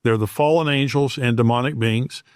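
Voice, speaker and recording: A man's voice: mid-range voice, steady tone, normal speed, dry recording, studio quality. Earnest male interview host. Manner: earnest, restarts sentences as he builds a point.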